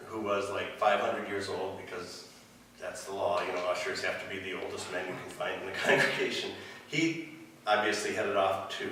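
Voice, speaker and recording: A man in his fifties, a pastor giving a relaxed, wry storytelling sermon in a church hall, far from the mic. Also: lowish voice, a little hiss or hum.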